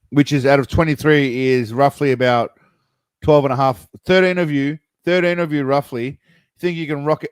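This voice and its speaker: A man's voice: a little high, no echo. A man, casually commenting on a live stream and talking straight to his chat in a rambling way. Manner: rambling, chatty, talks to chat directly. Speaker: streamer reacting to videos.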